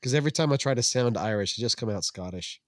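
A man's voice: mid-range voice, animated, fast, dry recording. Guy on a podcast reading comments, laughs a lot, trips over his words, dry close mic. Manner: laughing and self-deprecating, stumbling over restarts. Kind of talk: casual podcast chat.

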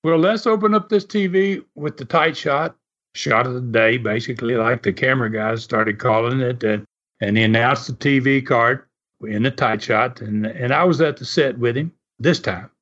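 A man's voice: medium pitch, normal speed, a bit bright. An older man and former wrestler telling folksy stories in an interview, often chuckling as he talks. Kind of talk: storytelling interview. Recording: muffled recording.

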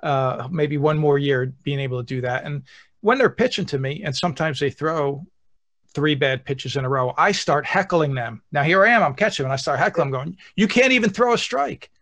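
A man in his forties with a slightly higher-than-usual voice. He speaks earnestly and conversationally, often restarting his sentences as he explains his coaching. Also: moderate pace, a bit bright. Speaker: youth baseball coach and father. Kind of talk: casual chat.

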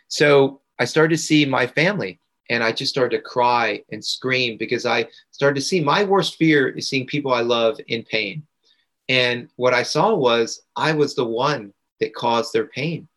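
A man's voice: medium pitch, a bit bright. A man being interviewed on a podcast, telling a personal story in an earnest way and repeating phrases for emphasis. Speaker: podcast guest, integration coach.

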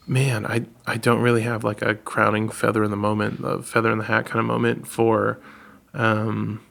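Gravelly-voiced man telling stories. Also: lowish voice, moderate pace. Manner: animated storyteller, laughs often, mimics others. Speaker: documentary filmmaker. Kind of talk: casual conversation.

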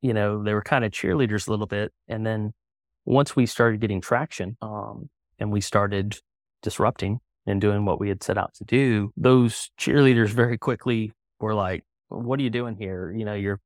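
A middle-aged man talking casually as a podcast guest, relaxed and full of fillers. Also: fairly low pitch, no room sound, clean studio sound. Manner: relaxed, conversational, many fillers. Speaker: guest, company co-founder.

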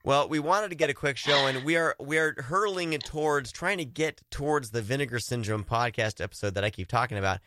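A man's voice: mid-range voice, a little fast, hardly any pauses, bright, forceful tone, no echo. A man hosting a casual horror-movie podcast, rambling with restarts and frequent laughs. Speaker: podcast host. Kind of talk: casual chat.

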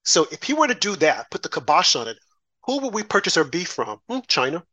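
A man's voice: on the high side, very animated, a little fast, pushed and bright. A man co-hosting a political commentary show, ranting with pointed rhetorical questions. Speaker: co-host.

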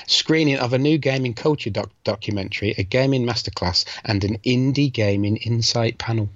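A man's voice: medium pitch, moderate pace, hardly any pauses, no room sound. A man co-hosting a casual podcast, making teasing quips and reading out event news. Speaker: podcast co-host. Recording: dull, dry podcast mic.

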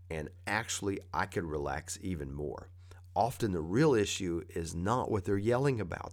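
A man giving a conversational motivational talk, coaching with plain repeated advice. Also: sits low.

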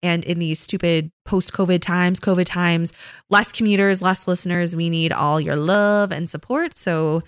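A woman in her thirties co-hosting a podcast, chatting casually and telling animated stories about her kids. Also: normal speed, clean tone, dry recording, clean studio sound. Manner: animated storytelling, imitates her kids in high voices. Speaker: podcast co-host. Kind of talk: casual chat.

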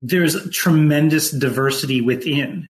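A man co-hosting a casual podcast chat, talking in a relaxed way with plenty of fillers and restarts. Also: on the high side, unhurried. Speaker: podcast co-host.

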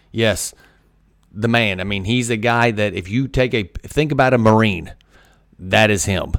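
A man's voice: mid-range voice, dry recording, studio quality. A man hosting a podcast, talking energetically about discipline and repeating his key points for emphasis. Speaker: podcast host. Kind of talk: motivational podcast monologue.

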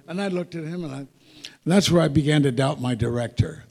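A man's voice: fairly high pitch, moderate pace, creaky, pauses often, dark tone. An older man telling rambling anecdotes with wry asides to a live audience as a guest speaker. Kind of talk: storytelling Q&A before an audience. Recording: echoey hall, live audience talk.

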